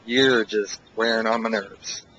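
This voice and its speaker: A man's voice: on the low side, steady tone, unhurried, fairly bright tone, slight background noise. A man co-hosting a podcast, chiming in with crude jokes and laughter in casual chat. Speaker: podcast co-host. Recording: dull lo-fi podcast audio.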